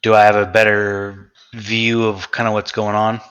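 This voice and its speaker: A man playing in a tabletop role-playing game, calmly and deliberately stating what his character does. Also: lowish voice, clean tone. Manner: calm, deliberate statements of his character's actions. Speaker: player.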